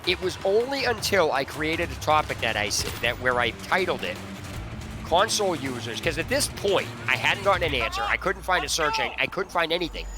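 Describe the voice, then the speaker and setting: A man's voice: fairly high pitch, sing-song, brisk, over music. A man ranting indignantly over gameplay, rambling with restarts and swearing freely. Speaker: gaming streamer. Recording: noisy game audio behind. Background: gunfire and game sounds.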